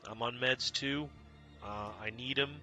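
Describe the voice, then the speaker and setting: Male streamer, sharp tense bright tone, excitable casual chat, faint game music under him. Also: mid-range voice, unhurried. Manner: talks to chat by name, excitable, swears casually. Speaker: live streamer.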